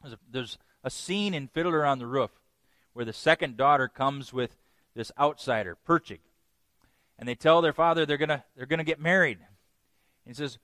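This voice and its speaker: A man preaching a sermon, animated, acting out quotes with big jumps in voice and laughing along. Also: medium pitch, normal speed, no echo, clean studio sound. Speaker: pastor.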